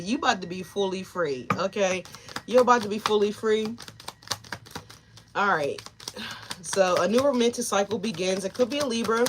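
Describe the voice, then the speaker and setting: A woman's voice: on the high side, noisy background. A woman giving a live tarot reading, talking straight to her viewers and chat, emotional and tearful at times. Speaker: tarot reader.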